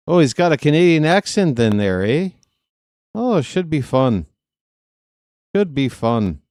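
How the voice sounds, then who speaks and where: A man's voice: a little high, very animated, measured pace, pauses often, a little mellow, clean tone, dry recording, studio quality. A man hosting a live baseball stream, chatting casually with viewers and joking in asides.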